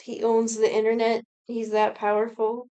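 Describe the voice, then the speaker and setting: Young female podcast co-host, higher voice, animated and profane recap delivery. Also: moderate pace, clean tone, muffled recording. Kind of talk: casual chat.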